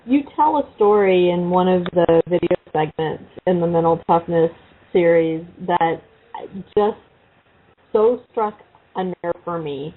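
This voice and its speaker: A woman's voice: on the low side, unhurried. A woman hosting a podcast, interviewing a guest and leading him into a story with enthusiasm. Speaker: podcast host. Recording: tinny phone line with faint hiss.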